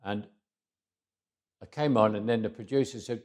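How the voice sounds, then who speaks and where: Brief: man in his eighties, interview guest, reflective storyteller, lowish voice. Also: fairly even intonation, normal speed, a little mellow. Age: 80s. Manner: reflective, repeats words as he restarts.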